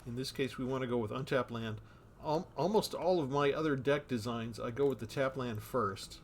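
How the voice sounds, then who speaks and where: A man's voice: medium pitch, normal speed, slight background noise. A man giving casual commentary on a card game he is playing, thinking aloud about his moves.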